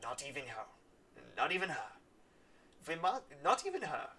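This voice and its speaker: Give me a man doing a suave prosecutor, low and measured. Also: huge pitch swings, sharp tone, full character voice. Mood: suave, secretive.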